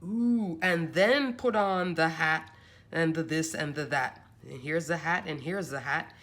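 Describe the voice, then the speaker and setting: Low-voiced woman chatting through a craft haul. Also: a little slow, fairly bright tone. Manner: chatty, gushing, thinks aloud while measuring. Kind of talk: casual show-and-tell chat.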